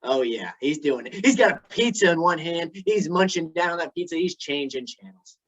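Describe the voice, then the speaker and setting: A man's voice: a little high, animated, a bit bright. Man giving a storytelling speech. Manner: storytelling, dramatic pauses. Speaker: club speaker. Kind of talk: prepared speech. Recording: dull lo-fi recording.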